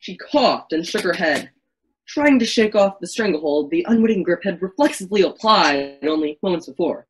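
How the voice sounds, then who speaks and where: A woman's voice: lowish voice, animated, normal speed, rough recording. Woman narrating a campy virtual play. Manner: melodramatic reading with frequent slips and restarts.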